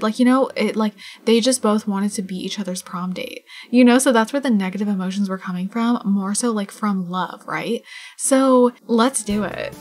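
A woman's voice: mid-range voice, moderate pace. A young woman casually commenting on her life-sim game, chatty and gushing, full of "like" and "oh my god". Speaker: gaming channel host. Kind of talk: casual let's play commentary.

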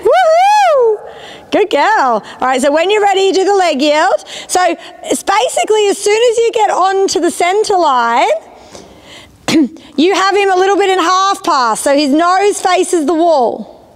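Very high-voiced woman coaching a rider. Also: animated, normal speed. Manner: encouraging, checks understanding often. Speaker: riding instructor. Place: riding arena.

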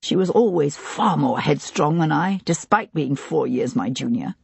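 Grieving, desperate gentleman in his thirties, husky and halting. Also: mid-range voice, animated, dry recording, heavily acted. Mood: subdued. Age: 30s. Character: grieving young gentleman, brother of missing woman. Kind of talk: audiobook character reading.

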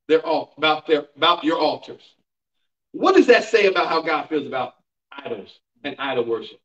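In a church sanctuary, a male pastor teaches a Bible class, preaching emphatically with call-and-response and rhetorical questions to the congregation. His fairly high, bright voice moves at a moderate pace with lively intonation. A distant mic makes the recording sound roomy and dull.

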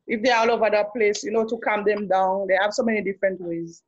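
A woman's voice: medium pitch, flat delivery, fast, dull audio, slight background noise. A woman who works at a daycare explaining in a call how she handles children, listing options one by one. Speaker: daycare worker and church minister. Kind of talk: answering in a group training call.

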